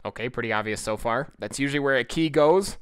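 A man giving casual, profane gameplay commentary as a YouTube host, excitable and easily spooked. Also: medium pitch, fast, background noise.

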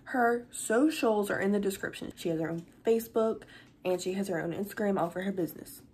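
A woman's voice: medium pitch, a little fast, a little mellow, slight background noise. A young woman, chatting through an unboxing vlog, gushing and close to tears. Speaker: vlogger.

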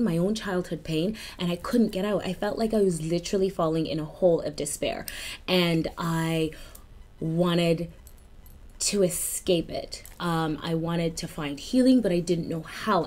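A woman in her thirties, a healer and life coach, talking openly to camera in a personal vlog, with many ums and repeats and now and then a breathy whisper. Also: fairly low pitch. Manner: warm confiding talk with many ums and repeats.

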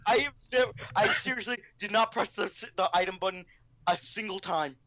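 A woman hosting a gaming video, giving casual, excitable commentary while she plays, laughing and exclaiming. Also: medium pitch, a little fast, muffled recording. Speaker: gaming channel host. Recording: game music playing behind.

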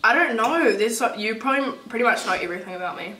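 A woman's voice: fairly high pitch, animated, fast talker, pushed and bright. A young woman, chatting casually as a vlogger, giggly and talking over her friend. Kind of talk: casual chat. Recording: echoey, distant, noisy.

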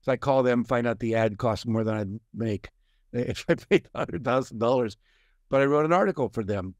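A man's voice: medium pitch, moderate pace, no echo. An older man, a guest success coach, telling stories in a conversation and acting out the voices of people he quotes. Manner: animated storyteller, acts out quoted voices. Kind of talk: storytelling in a conversation.

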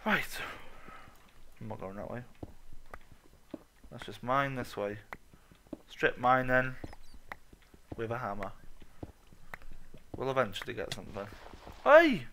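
A man's voice: mid-range voice, slow pace, pauses often, bright, forceful tone, slight background noise. A young man giving a let's play commentary, muttering, humming and swearing freely to himself as he plays. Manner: swears often, mutters and hums to himself while playing. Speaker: gaming commentator.

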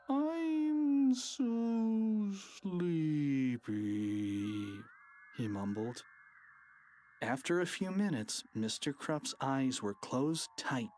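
A playful, expressive narrator reading a children's audiobook. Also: mid-range voice.

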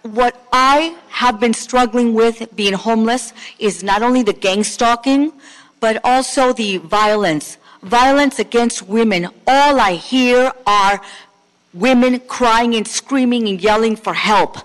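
A woman's voice: a little high, slow. A woman giving an angry, profanity-laced public comment at a city council meeting. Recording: reverberant council chamber.

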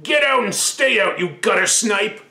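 A man's voice: sits high, animated, moderate pace, sharp tone, roomy sound, full character voice. A man voicing a hot-tempered, grumpy citizen from an old comic book, with an indignant, snapping delivery.

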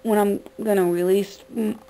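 A woman's voice: mid-range voice, steady tone, normal speed, dark tone, rough recording. A woman vlogger talking in an upset, profane rant, shocked and ranting. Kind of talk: emotional vlog rant.

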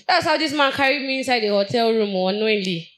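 A young adult woman with a Nigerian accent, giving a personal testimony at a church Bible study in an earnest, halting way, often restarting her sentences. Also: fairly high pitch, expressive, a bit bright, low-quality recording.

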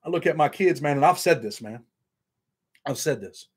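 A man with a husky, slightly raised voice talks straight to his viewers. His delivery is blunt and heartfelt, and "man" closes almost every line. He is the regular host of his own online show. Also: fairly high pitch, animated, moderate pace, darkish tone. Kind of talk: casual straight-talking monologue to camera.

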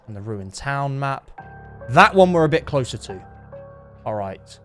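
A young man giving excitable, jumpy gameplay commentary, yelping when startled and talking to his horse. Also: mid-range voice, unhurried, soft background music. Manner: jumpy, excitable, talks to his horse, sudden yelps of fright. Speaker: gaming YouTuber.

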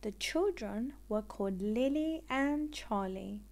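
Reading a children's picture book aloud, this woman uses a fairly high pitch and an expressive, deliberate style.

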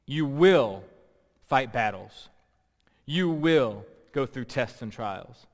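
A man's voice: medium pitch, lively intonation, slow pace. A man preaching a sermon as pastor, emphatic and repeating key words for stress. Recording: long reverb.

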